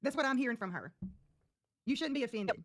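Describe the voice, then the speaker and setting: Woman, sassy, teasing, mocking, higher voice, very lively intonation. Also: fairly quick, slight background noise. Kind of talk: casual stream chat.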